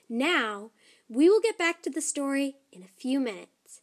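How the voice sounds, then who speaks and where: A woman reading a children's story aloud, soft and often close to a whisper. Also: high voice, big pitch swings, normal speed.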